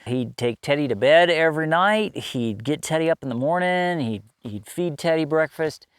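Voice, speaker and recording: A man's voice: a little high, expressive, moderate pace, smooth, no echo, clean studio sound. A middle-aged man telling a personal story in a casual, conversational way, laughing often and restarting his sentences.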